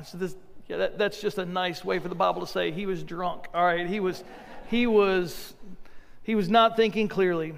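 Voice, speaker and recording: A man's voice: sits high, fairly even intonation, moderate pace, vocal fry, in a large hall. A man preaching a sermon as pastor, talking conversationally with joking asides and often repeating words as he restarts.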